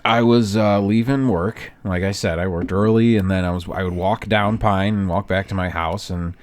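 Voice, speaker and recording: A man, co-hosting a podcast and telling stories in a casual chat, acting out the people he quotes in loud voices and laughing often. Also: low voice, fairly even intonation, normal speed. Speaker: podcast co-host.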